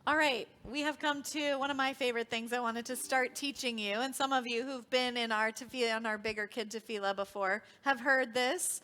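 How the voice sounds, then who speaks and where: A woman's voice: a little high, fairly even intonation, brisk, hardly any pauses, sharp tone. A woman leading a children's worship service, cheerfully quizzing the children and teaching them as she goes. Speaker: song leader teaching children. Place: synagogue sanctuary.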